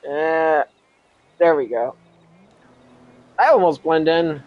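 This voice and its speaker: A man's voice: on the high side, takes it slowly, no echo, highs cut off. A man reading a story aloud with casual asides, often chuckling and stopping to correct himself.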